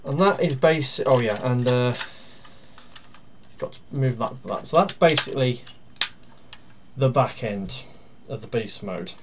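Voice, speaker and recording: A man's voice: medium pitch, lively intonation. Man talking over clicking plastic noise. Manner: talks through steps while handling a toy, with pauses and fillers; dryly critical and grumbling. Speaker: toy reviewer. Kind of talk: casual toy review and demonstration.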